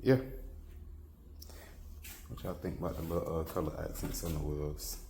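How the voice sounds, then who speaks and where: Low-voiced laid-back man vlogging his car. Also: moderate pace, creaky, warm tone, a little hiss or hum. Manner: laid-back slangy talk, trailing off with fillers. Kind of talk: casual vlog chat.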